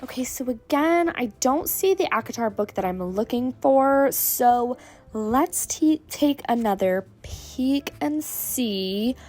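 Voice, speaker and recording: A woman's voice: on the high side, slow, soft background music. A woman recording a casual book-shopping vlog voiceover, chatty and upbeat, her voice a little sick from a cold. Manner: chatty and upbeat, excited gasps. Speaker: book vlogger. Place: recorded at home after the shopping. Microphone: voiceover mic.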